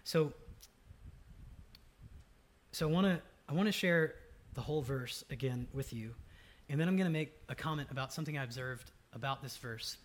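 A man preaching a sermon as pastor, conversational and dynamic, swinging between loud emphatic lines and soft, low ones. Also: moderate pace. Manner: conversational with fillers and asides.

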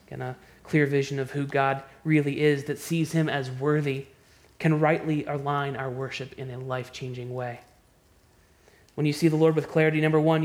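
A man with a high voice preaches a sermon. He drops to a hushed, quiet delivery, then climbs into loud, impassioned stretches. He often stumbles and restarts his words as he presses his points. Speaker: pastor.

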